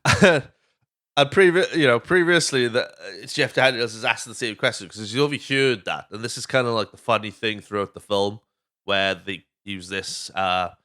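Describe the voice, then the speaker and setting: A man's voice: mid-range voice, moderate pace, sharp tone. A Welsh man hosting a podcast, chatting casually through a movie recap, swearing freely and drifting off on tangents. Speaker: podcast host.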